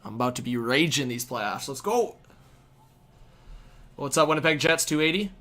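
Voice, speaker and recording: A young man hosting a live hockey stream, calling plays excitedly and chatting casually with viewers. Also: mid-range voice, normal speed. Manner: excitable, shouts at big plays, chats with viewers. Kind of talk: hockey play-by-play and chat.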